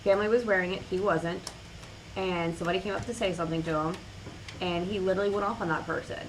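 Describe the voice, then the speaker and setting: A woman's voice: fairly low pitch, quick pace, background noise. Woman telling an anecdote on a podcast. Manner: animated anecdote telling with acted quotes. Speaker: podcast co-host. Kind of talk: casual chat.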